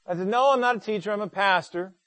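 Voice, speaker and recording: A man's voice: high-pitched, fast talker, fairly bright tone, no echo. A middle-aged male pastor preaching a sermon, telling a personal story emphatically with frequent stammered restarts.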